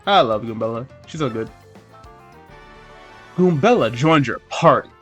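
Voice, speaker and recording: A man's voice: mid-range voice, expressive, unhurried, a bit bright, soft background music. A man hosting a let's play, making joking, playful asides over gameplay. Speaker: gaming channel host.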